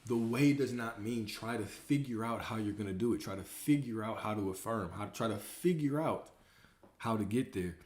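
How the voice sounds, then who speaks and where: In an echoey room, a man runs a livestream Q&A, coaching viewers and hammering at points with repeated rhetorical questions. He talks at normal speed in a lowish voice with a darkish tone.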